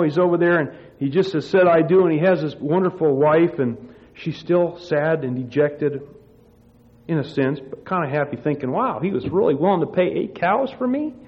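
Male preacher, muffled lo-fi sound. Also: on the high side. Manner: storytelling, rambling with restarts. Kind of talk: sermon. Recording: muffled lo-fi sermon recording.

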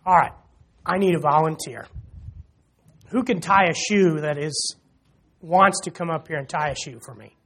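A man's voice: a little high, normal speed, pauses often, fairly bright tone. A man preaching a sermon in church, talking casually and joking with the congregation. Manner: conversational, jokes with the congregation, frequent "you know".

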